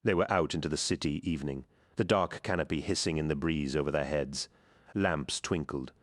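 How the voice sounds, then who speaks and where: A man narrating an action audiobook in a measured, dramatic reading. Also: a bass voice. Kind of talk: scripted narration.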